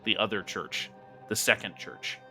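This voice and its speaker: Game master, male, casual joking narration, bright lower voice. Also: steady tone, measured pace, soft background music. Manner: casual and joking, with many fillers.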